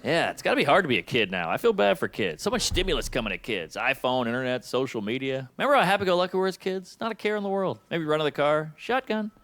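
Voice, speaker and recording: A man in his thirties doing a stand-up comedy set, delivering punchy deadpan one-liners. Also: on the high side, fast talker, few pauses. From United States. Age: 30s. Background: audience laughter.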